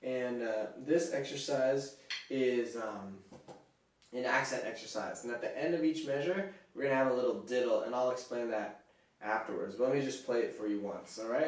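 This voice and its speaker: A man teaching snare drum in a relaxed, casual way, counting beats aloud with frequent fillers. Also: mid-range voice, a little hiss or hum. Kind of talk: casual instructional talk. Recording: echoey room, distant from the mic.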